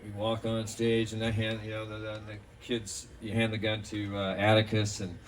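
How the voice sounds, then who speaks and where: A man's voice: on the low side, completely flat delivery, normal speed. A man giving a rambling, anecdotal memorial tribute outdoors, full of fillers. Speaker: speaker at a memorial. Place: outdoors in a park. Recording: distant mic outdoors, faint background noise.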